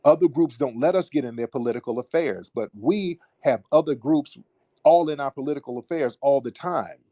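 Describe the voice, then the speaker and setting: A man's voice: mid-range voice, a little fast, warm tone, no room sound, studio quality. A man hosting a live call-in show, talking in a blunt, commanding way. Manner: blunt, commanding, scolding callers. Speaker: host.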